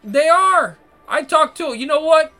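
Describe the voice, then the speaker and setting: A man's voice: extremely high pitch, animated, measured pace, bright, forceful tone, faint music behind. A man ranting to his viewers in a crude, repetitive, exasperated way, swearing constantly. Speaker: vlogger. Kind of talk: profane monologue rant to viewers.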